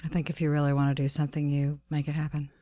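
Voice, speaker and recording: A woman's voice: low-pitched, completely flat delivery, racing, dark tone, no room sound. Playful teasing woman, podcast co-host. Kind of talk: casual chat between spouses.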